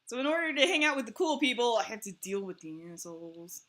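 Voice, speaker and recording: A woman's voice: a little high, fast. A woman hosting a livestream, chatting casually and telling family stories with lots of laughter. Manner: laughing, animated storytelling. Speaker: livestream host. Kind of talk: casual chat.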